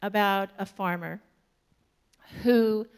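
Casting: woman minister, sermon delivery, slow and gravelly, storytelling with humor. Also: medium pitch, steady tone. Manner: storytelling, warm-humored, laughs often.

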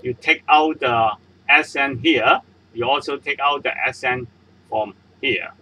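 Slow, husky-voiced male language teacher. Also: medium pitch, bright, forceful tone, poor audio. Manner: patient, explains word by word with examples. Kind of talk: slow step-by-step language lesson.

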